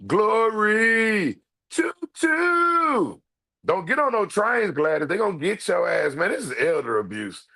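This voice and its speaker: High, lively man hosting a livestream. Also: fairly quick, creaky, hardly any pauses, slightly rough. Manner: loud, emphatic, repetitive, profane banter to viewers. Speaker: livestream host. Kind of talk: animated livestream commentary.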